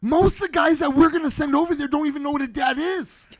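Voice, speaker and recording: An American man co-hosting a podcast, mocking and animated in casual comedic banter. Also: very high-pitched, fast talker. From United States. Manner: animated, mocking, loud bursts. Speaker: podcast co-host.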